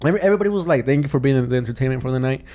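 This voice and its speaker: A young man telling a story on a podcast in a loose, rambling way. His voice sits at an ordinary middle pitch, and he keeps restarting his sentences and saying "dude". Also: lively intonation, rapid-fire, dark tone. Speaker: podcast co-host, comedian. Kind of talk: casual chat.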